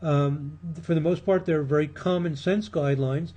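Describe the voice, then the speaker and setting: Guy lecturing, mellow kinda high voice, lots of ums, voice a bit worn. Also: fairly even intonation. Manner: measured, with frequent ums and restarts. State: losing his voice. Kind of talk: recorded lecture.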